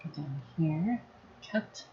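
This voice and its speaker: A woman running a casual live software tutorial, thinking aloud as she works. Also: deep voice, animated, slow, highs cut off, slight background noise. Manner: thinking aloud while working, casual and chatty. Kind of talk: live screen-recorded tutorial.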